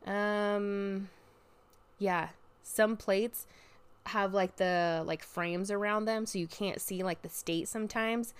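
A young woman ranting casually as a podcast host, swearing freely and bursting into loud outbursts. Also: mid-range voice, slow pace, smooth. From Oregon, US. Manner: animated, profane venting with sudden loud outbursts.

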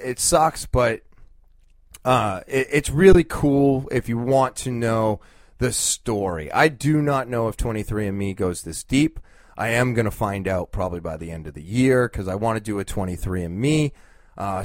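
Male podcast host, 30s, lowish voice, loose rambling delivery full of fillers, dry close mic. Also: no echo. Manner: rambling, many fillers and restarts. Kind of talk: casual podcast monologue.

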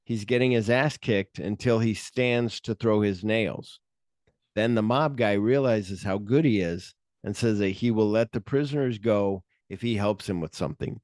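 A man's voice: on the low side, normal speed, a little mellow, no room sound, clean studio sound. A man co-hosting a podcast, recapping a movie in casual profane chat and acting out the scenes in quoted voices. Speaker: podcast co-host.

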